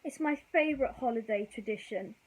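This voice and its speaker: A gentle, refined mother dog from a storybook, voiced by a woman reading aloud. She speaks softly and tenderly, her voice lifting slightly above the reader's own. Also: on the high side, fairly quick, husky, pitched above the performer's own voice, low-quality recording. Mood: sad. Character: gentle refined female cocker spaniel mother.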